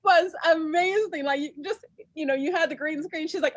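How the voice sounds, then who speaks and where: High-voiced, excitable woman co-host. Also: no echo. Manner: laughs a lot, quick and excitable. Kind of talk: casual chat.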